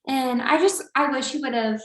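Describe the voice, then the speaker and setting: Here a young woman with a high-pitched voice shares a story on a podcast she co-hosts, moving at a moderate clip. Her telling rambles and leans heavily on fillers, and the recording has a roomy echo.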